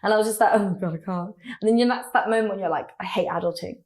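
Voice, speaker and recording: A woman, a radio presenter telling stories as an interview guest, chatty and animated, often acting out quotes. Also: mid-range voice, racing. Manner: chatty, laughing, animated storytelling with acted quotes. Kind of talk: casual interview chat. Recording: echoey room.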